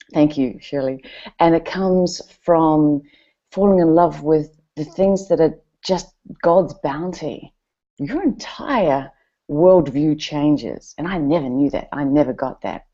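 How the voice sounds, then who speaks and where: On a muffled, lo-fi recording, a middle-aged event speaker from New Zealand recounts stories from her own life to a crowd. She sounds low, warm and at ease, speaking with lively expression and plenty of conversational fillers.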